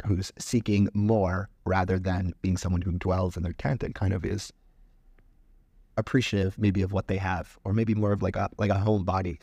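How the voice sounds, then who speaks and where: A man co-hosts a podcast, talking loosely through a scripture passage. His voice sits low, and the sound is dry and close. He rambles, with frequent fillers and restarts. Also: darkish tone, dry recording. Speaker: podcast co-host. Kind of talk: casual chat about scripture.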